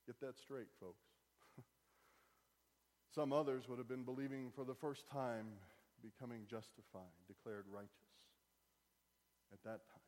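Wry preacher in a reverberant hall. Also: male voice, medium pitch, fairly even intonation, a little slow, pauses often, a little mellow. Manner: conversational and wry, rising to emphatic preaching. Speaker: pastor. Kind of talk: sermon.

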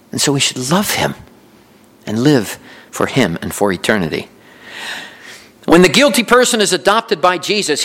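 A man preaching a sermon in a church, lively and conversational, laughing now and then and repeating himself as he builds a point. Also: fairly high pitch. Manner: lively preaching with chuckles and repetitions. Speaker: pastor. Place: church sanctuary.

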